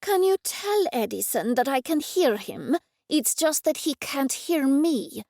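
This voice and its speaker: A sassy female cat with a sharp tongue, irritated and always after her treats, as a woman narrator puts her on. The voice sits high, with a gravelly edge, and sounds close and dry. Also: big pitch swings, unhurried, no room sound, heavily acted. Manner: irritated, demanding.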